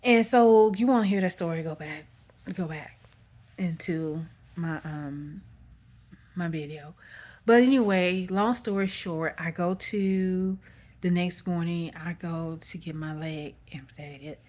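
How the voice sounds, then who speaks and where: A woman's voice: lowish voice, unhurried, a little mellow. A woman with a Texan accent telling a personal story in a loose, rambling way, often correcting herself and saying "y'all.". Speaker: vlogger. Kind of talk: casual storytime.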